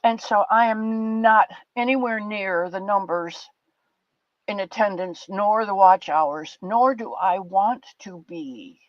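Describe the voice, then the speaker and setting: An older woman hosting a livestream, chatting warmly and rambling with her viewers in a casual, affectionate way. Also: mid-range voice, slow pace, no echo. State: a bit teary. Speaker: livestream host. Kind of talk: casual chat with live chat viewers. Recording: dull lo-fi dry sound.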